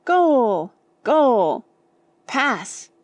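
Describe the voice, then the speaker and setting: A woman voicing an excitable middle-aged male clergyman who shouts in a flustered, raised voice in an audiobook. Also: fairly high pitch, drawn-out words, no echo, voice pushed up, heavily acted. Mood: flustered shouting.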